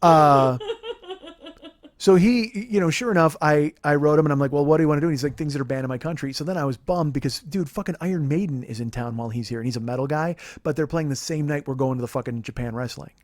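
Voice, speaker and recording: A man's voice: on the high side, quick pace, dry recording. A man hosting a podcast, telling a rambling comedic story in a loose, profane way. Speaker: podcast host.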